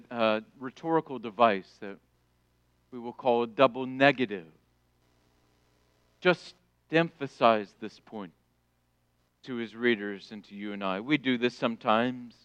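Emphatic preacher man, slow and clear. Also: mid-range voice, no room sound, muffled recording. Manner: emphatic, builds to loud declarations then drops soft. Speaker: pastor. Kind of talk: sermon.

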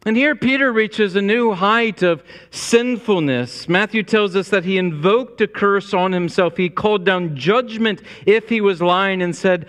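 Man, pastor, earnest sermon delivery, storytelling asides, slightly high voice, long reverb in a church hall. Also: animated, a little slow, a bit bright. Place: church sanctuary.

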